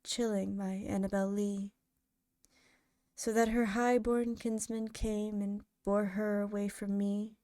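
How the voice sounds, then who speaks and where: A woman narrating poems in a soft, hushed ASMR reading style, drawing out each line slowly. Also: mid-range voice, dry recording, studio quality. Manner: slow, hushed, drawn-out delivery.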